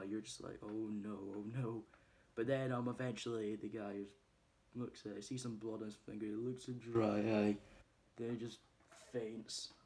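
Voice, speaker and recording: Young guy retelling a movie plot, um uh everywhere, kinda low voice. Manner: rambling with many ums and uhs, quoting characters loosely. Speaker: film reviewer. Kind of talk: casual plot recap.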